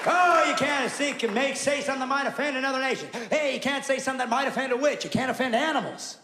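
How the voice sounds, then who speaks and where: A man's voice: extremely high pitch, fast talker, pushed and bright, reverberant, in a large hall, a faint crowd, a little hiss or hum. A man performing an emphatic, opinionated stand-up rant on a theater stage. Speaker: stand-up comedian. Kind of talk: stand-up routine.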